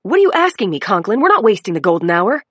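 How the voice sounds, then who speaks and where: A woman voicing a brisk, commanding female emergency doctor. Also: medium pitch, very animated, a bit bright, no room sound, studio quality.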